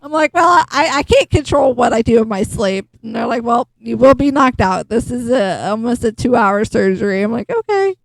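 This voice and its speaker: A woman's voice: on the high side, moderate pace, vocal fry, few pauses, no room sound, rough recording. A woman hosting a gaming channel, chatting bluntly and casually, acting out both sides of a conversation and swearing freely. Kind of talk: casual storytelling while gaming.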